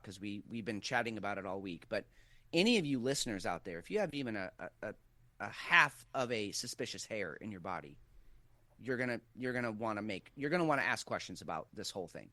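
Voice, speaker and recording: A man's voice: fairly low pitch, fairly bright tone, no room sound. Middle-aged male co-host, skeptical and insistent, dry booth sound. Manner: insistent, skeptical, hedging fillers. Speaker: podcast co-host. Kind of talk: casual conspiracy talk.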